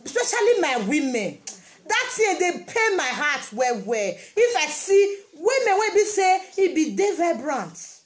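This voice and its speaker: Emphatic high-voiced Nigerian woman. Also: big pitch swings, a little slow. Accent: Nigerian Pidgin English. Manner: emphatic, repeats phrases for emphasis. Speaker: vlogger. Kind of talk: casual motivational talk.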